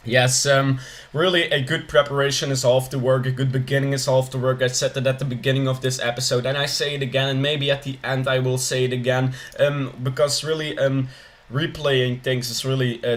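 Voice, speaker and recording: A young man commentating a strategy game with mock-serious deadpan humor, hesitating with frequent ums. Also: mid-range voice, a little fast. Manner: hesitant, lots of ums, dry jokes. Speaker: gameplay commentator.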